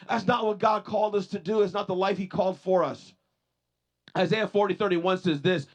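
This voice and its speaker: A man's voice: steady tone, brisk. A male pastor preaching a sermon, telling personal stories with many repeated restarts and rising emphasis on his points. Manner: rises in pitch and force on points of emphasis.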